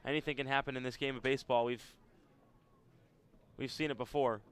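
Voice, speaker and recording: A man giving baseball color commentary, casual and quick to cite player stats. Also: medium pitch, fairly even intonation, clear, resonant tone.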